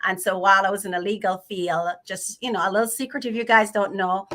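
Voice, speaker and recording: A woman's voice: mid-range voice, fairly even intonation, fast, a bit bright, a little hiss or hum. A middle-aged woman from Jamaica with a Jamaican accent, a financial planner telling her story in a friendly way as a livestream guest. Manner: friendly storytelling, filler uhs. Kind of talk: casual livestream chat.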